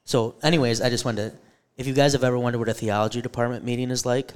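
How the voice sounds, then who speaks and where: He's a theology teacher and podcast co-host, telling stories animatedly with self-deprecating humor at a live event before an audience. His mid-range voice is smooth and steady, and he talks fast.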